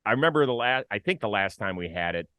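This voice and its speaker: A man's voice: lowish voice, expressive, fast, bright, forceful tone, no room sound, studio quality. A man hosting a baseball talk show, playful and stat-heavy in casual chat.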